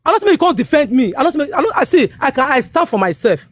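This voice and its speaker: Emphatic Nigerian woman, high voice. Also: sing-song, fast talker, no echo. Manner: emphatic, repetitive, keeps asking "you understand me?". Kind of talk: heated casual talk in Pidgin-laced English.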